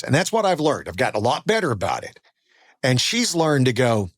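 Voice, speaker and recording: A man's voice: mid-range voice, big pitch swings, fairly quick, dry recording, clean studio sound. A man hosting a podcast, telling stories in a casual, self-deprecating way and acting out the voices of people he quotes. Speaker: podcast host. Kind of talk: casual conversational storytelling.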